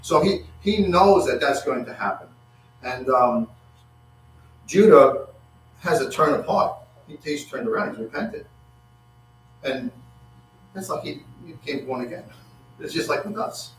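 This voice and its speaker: A man preaching a sermon, halting and repeating words, acting out quotes with rising excitement. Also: on the high side. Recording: echoey room from far off with faint hum.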